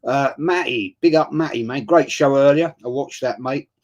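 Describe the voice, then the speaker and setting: A man hosts a live fan stream in a relaxed, casual way, reading out comments from viewers. His voice sits at an ordinary mid pitch. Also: normal speed. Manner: casual, reads chat shout-outs.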